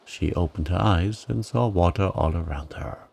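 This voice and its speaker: A man reading a bedtime story for adults in a calm, gentle, soothing manner. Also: low voice, moderate pace, creaky, slightly rough. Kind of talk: scripted bedtime narration.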